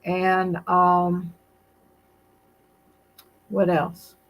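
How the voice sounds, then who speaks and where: Slow-spoken older woman hosting a live stream. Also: fairly low pitch, monotone, rough recording. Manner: unhurried, gentle, reads chat aloud between stories. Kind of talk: casual live-stream chat. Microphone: computer mic on a live stream.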